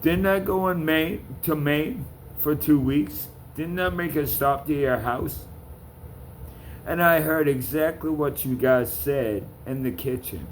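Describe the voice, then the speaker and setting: A man's voice: on the high side, slow, slight background noise. A man ranting to camera in a vlog, calling out people by name, with blunt, profane talk. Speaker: vlogger.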